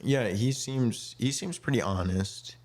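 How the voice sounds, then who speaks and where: A man's voice: mid-range voice, a little slow, darkish tone. A young man co-hosting a podcast in casual chat, rambling with lots of fillers. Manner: rambling, many fillers, acts out quotes. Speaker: podcast co-host.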